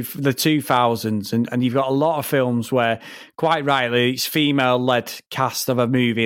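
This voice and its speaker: A man's voice: medium pitch, no echo, studio quality. A man co-hosting a TV review podcast, chatting casually, ranting and swearing freely.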